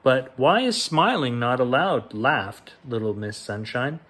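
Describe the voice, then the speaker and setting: In a medium-pitched, sing-song voice, a man reads a children's picture book aloud as a bedtime story. He stays gentle and unhurried, letting the quoted lines rise and fall in their own way.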